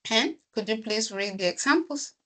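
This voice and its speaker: A woman teaching an English grammar class, explaining slowly, repeating herself and checking in with the student. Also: on the high side, lively intonation, sharp tone.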